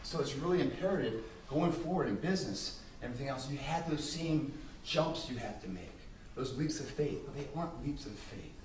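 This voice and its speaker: A man's voice: medium pitch, expressive, fairly quick, darkish tone, a little hiss or hum. A man giving an emphatic, intense motivational speech to business students, swearing freely. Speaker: motivational speaker. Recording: echoey hall, distant mic, faint ambience.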